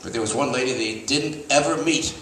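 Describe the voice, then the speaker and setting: Brief: older male storyteller, bright tone, rambling delivery, echoey room, off-mic. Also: medium pitch, fairly quick, a little hiss or hum. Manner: rambling, restarts often, raconteur. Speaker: stand-up storyteller, veteran TV host. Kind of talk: stand-up anecdotes. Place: stage before a live audience. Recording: echoey room, mic at a distance, faint ambience.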